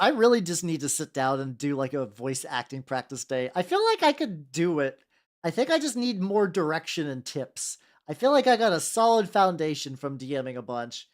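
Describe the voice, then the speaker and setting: A young man with a fairly high-pitched voice streams as a VTuber while painting miniatures. He chats and rambles casually, often restarting his sentences and cracking self-deprecating jokes.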